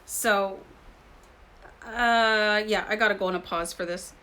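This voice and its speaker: A woman with a bright, clear voice talks her viewers through a tarot reading in a relaxed, chatty way. She confides as she goes and calls the audience "guys" like old friends. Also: medium pitch, unhurried, low-quality recording. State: slight throat irritation. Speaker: tarot reader. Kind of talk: casual tarot reading to camera.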